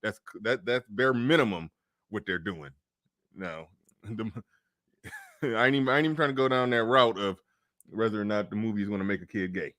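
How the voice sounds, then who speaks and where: A man's voice: fairly low pitch, fairly quick, long pauses, a bit bright, no room sound. A man hosting a podcast in casual political chat, loose and profane, laughing often and restarting his sentences. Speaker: podcast host.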